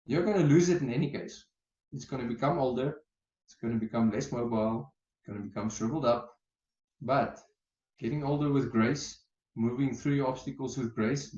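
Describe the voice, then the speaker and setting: A man, a hypnotherapist, leads an online group talk in an animated coaching manner and keeps checking in with "okay". His voice sits at an ordinary middle pitch. The call audio is muffled and lo-fi, with a roomy echo.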